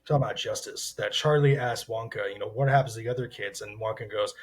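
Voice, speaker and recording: A man talking casually on a podcast as a co-host, in thoughtful, drawn-out phrases. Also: on the low side, breathy edge.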